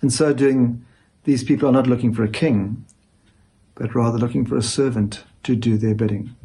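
A male pastor giving a sermon, speaking emphatically with dramatic pauses. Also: mid-range voice, fairly even intonation, dark tone, slightly rough.

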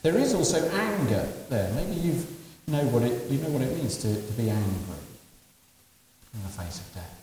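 Male preacher, warm mellow tone, rhetorical, quiet-to-loud; distant mic, faint hiss. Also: medium pitch, big pitch swings, normal speed. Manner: asks rhetorical questions and swings from quiet to loud. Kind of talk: sermon. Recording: echoey hall from far off, faint hiss.

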